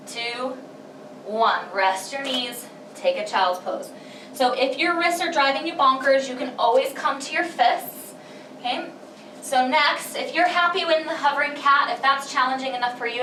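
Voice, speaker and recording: A woman's high, pushed, bright voice guides a pilates workout in a home space; she's a little out of breath while encouragingly counting reps and breaths. The room is echoey, the mic is placed far away, and a light hiss or hum runs underneath.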